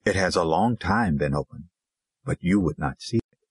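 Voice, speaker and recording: A man's voice: low-pitched, lively intonation, normal speed, husky, no room sound, full character voice. Man voicing a patient weary pastor's wife. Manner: soft, patient pleading. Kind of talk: audiobook character reading.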